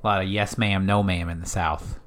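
A man's voice: sits low, fairly even intonation, a little fast, a bit bright. A young man from South Carolina co-hosting a podcast in casual chat, laid-back and laughing often. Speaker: podcast co-host.

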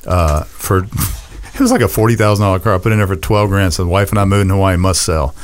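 A man's voice: sits low, fast talker, slight background noise. A man co-hosting a casual radio talk show, joking and laughing often as he tells stories and explains real estate. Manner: animated, jokey, laughs often. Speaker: real estate agent and co-host.

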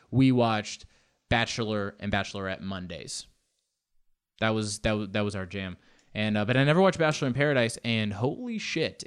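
A man's voice: fairly low pitch, smooth. A young man hosting a casual solo chat, rambling and self-mocking, with loose slang and lots of fillers.

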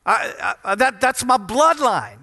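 In a reverberant hall of a large church, this middle-aged Louisiana pastor preaches to his congregation, teasing and joking between forceful points. His very high-pitched voice is gravelly, bright and animated, and he takes it slowly with a forceful tone.

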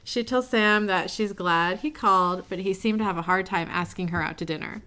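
A woman co-hosting a casual podcast, recapping a TV episode in a lively, laughing way and quoting the characters as she goes. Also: mid-range voice. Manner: lively, laughing, quotes characters in quick asides.

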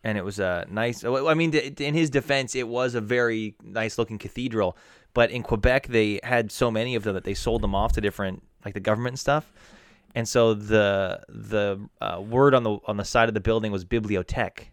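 Co-host type, smooth clear male voice, dry close sound, jokey storyteller who swears, a bit unwell. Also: lowish voice, fairly quick, no echo. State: feeling unwell. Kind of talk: casual chat.

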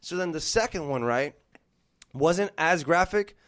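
Dude in his 30s ranting a story on a podcast, swears a lot, kinda high voice. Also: a little slow. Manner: animated, profane, acts out quotes. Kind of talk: casual storytelling chat.

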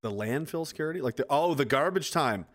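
A man's voice: a little high, a little fast. A man hosting a casual podcast chat, rambling and swearing as he tells stories. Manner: rambling, profane, animated storytelling with acted quotes.

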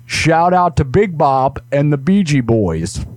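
A man's voice: a little high, lively intonation, slow, no room sound, studio quality. A man hosting a live comedy show, bantering loosely and crudely. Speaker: host.

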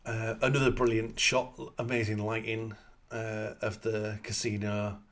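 A man's voice: fairly low pitch, level tone, a little slow, a bit bright. A man in casual chat, retelling film scenes in a crude, jokey way as podcast co-host.

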